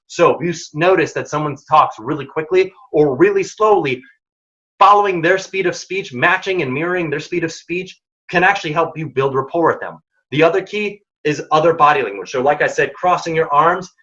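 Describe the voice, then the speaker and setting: A man leads a career workshop with a bright, forceful voice pitched a little high. He talks casually and with energy, pressing his points hard. The recording sounds dull and lo-fi. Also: expressive, a little fast. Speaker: workshop presenter. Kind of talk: career advice talk.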